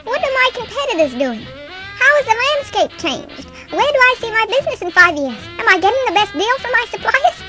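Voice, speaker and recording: Flustered old granny, fussy, excitable, very high voice, voiced by a woman, comedy radio bit. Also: brisk, over music. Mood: excited. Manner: flustered, easily worked up. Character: fussy excitable elderly grandmother.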